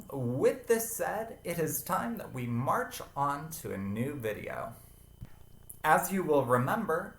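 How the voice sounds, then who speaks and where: A man in his late thirties hosting a handbag review vlog, chatty and expressive with sassy, playful asides. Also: high voice, reverberant. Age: 30s. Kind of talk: chatty scripted vlog talk.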